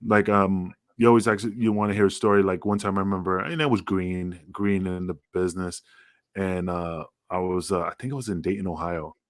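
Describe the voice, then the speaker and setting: A man's voice: brisk, no echo, clean studio sound. A man, a former wrestler, telling rambling, profane stories in a casual podcast chat. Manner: profane, rambling, acts out quotes in a higher voice.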